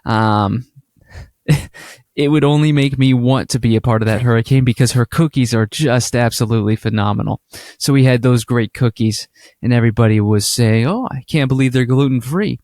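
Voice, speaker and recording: Chatty and animated, this podcast co-host spins his stories at a moderate pace, now and then performing short quoted exchanges. His mid-range voice is captured up close and dry, with no surrounding room or echo.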